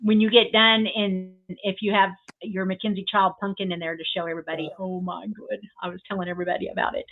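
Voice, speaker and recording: A woman's voice: mid-range voice, flat delivery, fast talker, hardly any pauses. An older woman co-hosting a craft stream, gushing and rambling with many fillers. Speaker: co-host. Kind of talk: casual chat. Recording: tinny phone-like remote line.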